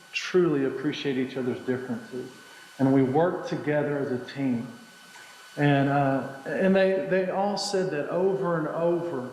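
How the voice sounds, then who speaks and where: A man preaches a fervent graduation address, his fairly high voice building through repeated phrases. He speaks into a headset mic, and his words ring with echoing hall reverb over a faint hum. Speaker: guest speaker, associate pastor. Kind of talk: graduation sermon. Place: ceremony hall. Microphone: earpiece headset mic.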